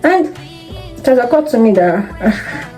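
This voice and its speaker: A young woman, chatting excitedly to viewers in a casual vlog from her kitchen, recorded on a propped-up phone. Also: a little high, a little slow, poor audio. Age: young adult. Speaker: student vlogger. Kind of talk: casual vlog chat to camera. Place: home kitchen, indoors. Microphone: phone camera propped up nearby. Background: background music.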